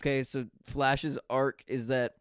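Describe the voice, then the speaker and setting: A man's voice: medium pitch, level tone, measured pace, clear, resonant tone, no echo, studio quality. A man co-hosting a podcast, delivering profane, sardonic rants in casual banter. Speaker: podcast co-host.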